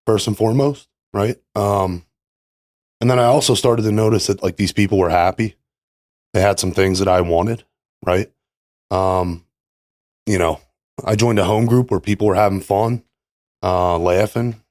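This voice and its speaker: Podcast guest, male, lowish voice, earnest and halting, lots of fillers. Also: steady tone, a little mellow, no echo, studio quality. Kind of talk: casual conversation about recovery.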